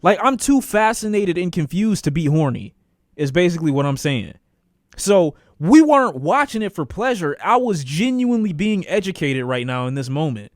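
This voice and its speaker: Male streamer, animated profane storyteller, high and swinging pitch, dry booth-like sound. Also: normal speed, no echo. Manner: repeats phrases for emphasis. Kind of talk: casual storytime on a live stream.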